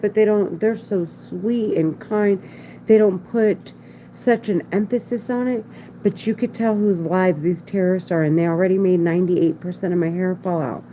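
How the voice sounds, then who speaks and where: Rambling anxious woman with a mellow voice. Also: mid-range voice, slight background noise, low-quality recording. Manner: rambling, repetitive, restarts often; anxious, insistent. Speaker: vlogger. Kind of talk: casual monologue to camera.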